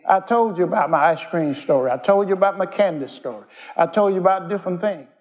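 A pastor preaches in a folksy, down-to-earth way, slipping into casual slang and pausing to ask the congregation to answer him. His voice sits a little higher than most men's. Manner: folksy, call-and-response preaching; plainspoken storytelling with everyday slang. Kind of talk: sermon.

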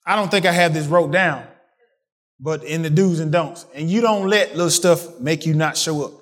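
A man preaching a sermon, asking the congregation questions and swinging from excited peaks to quiet asides. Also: normal speed. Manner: call-and-response preaching, rising to excited peaks then dropping low.

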